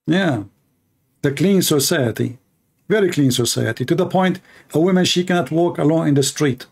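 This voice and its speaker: Man, fairly high voice, sarcastic, mocking, emphatic, non-native english grammar, casual monologue. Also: normal speed, vocal fry, darkish tone, slightly rough. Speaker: online commentator answering questions. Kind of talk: casual monologue answering viewer questions.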